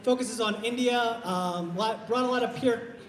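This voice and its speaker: A man from Iowa doing a stand-up set, low-key and halting with lots of fillers, into a stage mic at a live show. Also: a bit bright. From Iowa, USA. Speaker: stand-up comedian. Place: live comedy show in a hall. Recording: roomy hall reverb.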